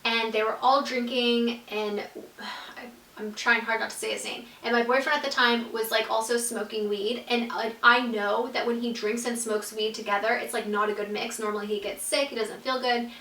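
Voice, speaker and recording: A chatty woman tells a personal story straight to camera, sprinkling "like" through every sentence. Her voice sits a little high and sounds bright and forceful. She is recorded from a few feet off in an echoey room. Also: little pitch movement, brisk, hardly any pauses, distant mic. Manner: chatty, fills speech with "like", acts out quoted dialogue. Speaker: YouTube storyteller. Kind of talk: casual storytime monologue.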